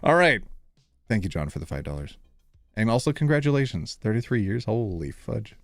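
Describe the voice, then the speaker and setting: Animated male streamer, lively pitch. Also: a little fast, dry recording, studio quality, faint music behind. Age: 30s. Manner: animated, playful, self-deprecating, fumbles names. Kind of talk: live stream chat.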